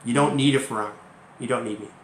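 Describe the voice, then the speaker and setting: A man's voice: mid-range voice, racing, vocal fry, a little hiss or hum. A man hosting a live-stream chat as an English teacher, talking emphatically and tagging points with "okay?". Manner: emphatic, keeps asking "okay?". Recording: roomy echo, faint ambience.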